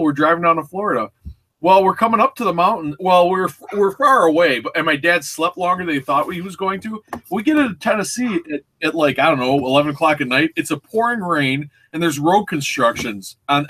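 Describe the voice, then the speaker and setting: A man's voice: a little high, expressive, fairly quick, bright, forceful tone. A man co-hosting a casual chat show, telling stories and acting out the voices of the people in them. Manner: storytelling, acts out quoted voices. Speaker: show co-host.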